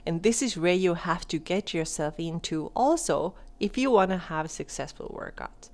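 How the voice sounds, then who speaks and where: A woman with a slightly low voice talks straight to her listener as a podcast coach. She moves between fast, animated stretches and slowed, softly spoken calm passages. She often asks the listener questions. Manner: expressive, shifts between fast excited talk and slow soft calm; addresses listener directly with questions. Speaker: podcast host and wellness coach. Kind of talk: instructional podcast talk.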